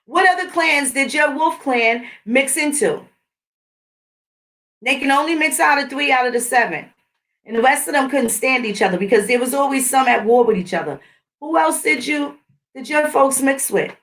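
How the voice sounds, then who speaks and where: A woman's voice: high voice, animated, normal speed, a bit bright, far from the mic. Blunt, profane woman ranting. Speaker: channel host. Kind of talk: casual ranting monologue.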